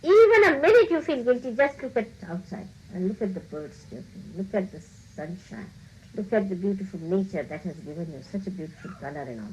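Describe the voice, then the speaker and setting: A woman's voice: on the low side, fairly quick, dark tone, low-quality recording. Woman giving a spiritual talk, teasing and scolding her listeners, laughs a lot, faint noise behind. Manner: acts out quoted voices. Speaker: spiritual teacher.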